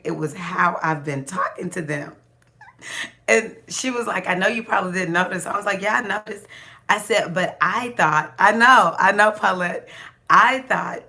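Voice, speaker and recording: Bright, chatty woman telling a story. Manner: animated, laughing, acts out quotes with big pitch jumps; many restarts and fillers, chatty. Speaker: astrology vlogger. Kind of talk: casual storytelling monologue.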